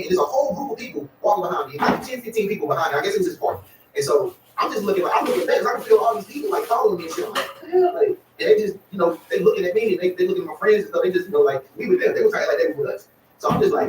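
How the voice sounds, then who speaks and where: Rambling fast-talking man, roomy distant sound. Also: high-pitched, noisy background. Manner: rambling, repeats "y'all" and "you know what I'm saying". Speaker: vlogger. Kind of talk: casual chat to viewers.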